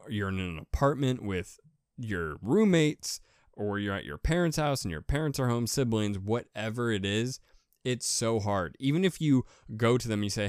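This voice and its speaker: A man's voice: medium pitch, smooth, dry recording, studio quality. A man hosting his own podcast in a casual solo monologue, rambling and poking fun at himself, often restarting and repeating words. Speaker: podcast host.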